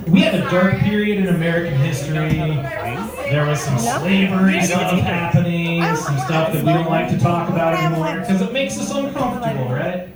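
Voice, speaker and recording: A male stand-up comedian telling crude stories conversationally and working the crowd from a comedy club stage. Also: fairly high pitch. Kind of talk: stand-up set. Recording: echoey club from far off, crowd.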